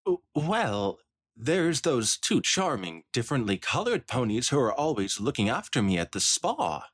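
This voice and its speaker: A man's voice: mid-range voice, very animated, normal speed, breathy edge, voice pushed up. A man putting on a snooty rich mare pony. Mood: haughty. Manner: affected, haughty and indignant. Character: snobbish wealthy middle-aged mare pony, haughty. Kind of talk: dramatic fanfiction reading.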